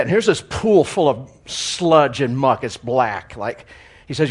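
A man speaking as a guest church speaker, telling a humorous story in a sermon with animated, chuckling delivery. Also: mid-range voice, a little slow, slightly rough.

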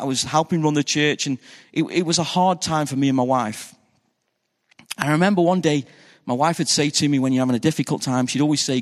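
A man, a pastor, preaching a conversational sermon that keeps asking the congregation questions. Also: on the high side. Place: church hall. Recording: reverberant church hall.

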